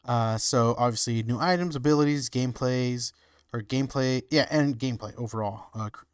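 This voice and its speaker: A man's voice: medium pitch, moderate pace, clean tone, dry recording, clean studio sound. A man co-hosting a podcast, speaking hesitantly and searching for words, with many fillers. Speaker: podcast co-host. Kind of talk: casual chat.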